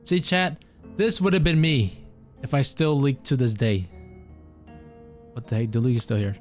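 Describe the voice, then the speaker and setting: A man's voice: medium pitch, normal speed, long pauses, faint music behind. Joking, profane male game streamer. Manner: joking, profane, self-mocking. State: tired strained throat. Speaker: gaming streamer. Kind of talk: casual gameplay commentary.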